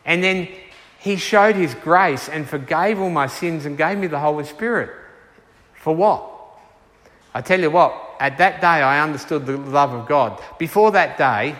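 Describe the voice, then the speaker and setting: A man's voice: on the high side, fairly bright tone. Earnest man preaching in an echoey hall. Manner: earnest, unhurried, slows to stress key words. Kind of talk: sermon with questions from the congregation. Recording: reverberant hall.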